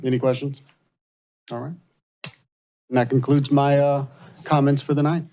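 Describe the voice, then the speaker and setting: American man, mayor, reading figures aloud, matter-of-fact, mid-pitched. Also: flat delivery, measured pace, mellow. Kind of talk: reading a report into the record.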